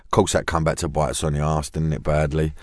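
A man's voice: a bass voice, flat delivery, quick pace. A man, a guest on a podcast, rambling and swearing freely in casual football chat. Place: studio.

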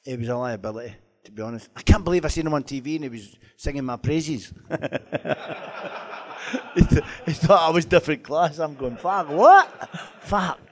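A man's voice: on the high side, fairly quick. A man, a former footballer telling laughing, swearing anecdotes at a live stage Q&A.

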